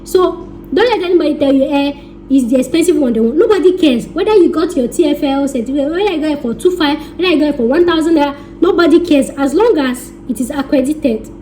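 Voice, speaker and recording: High, mellow-voiced Nigerian woman vlogger. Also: a little hiss or hum. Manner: chatty, teasing, addresses viewers directly, slips into pidgin. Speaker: vlogger giving relocation advice. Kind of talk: casual advice vlog.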